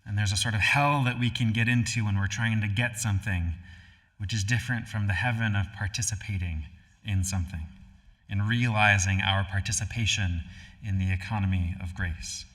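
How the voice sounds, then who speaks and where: A male pastor from Connecticut giving a storytelling sermon in a relaxed, conversational way, with frequent fillers and restarts. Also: on the low side, moderate pace. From Connecticut, USA. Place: church sanctuary. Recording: live-streamed hall with long reverb.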